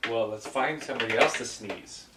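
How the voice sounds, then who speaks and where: A woman's voice: rumbling low, fairly quick. A woman playing a pretend game with a small child, coaxing and patient in a playful way. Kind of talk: home video play with a toddler. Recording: roomy home video, distant mic, noisy.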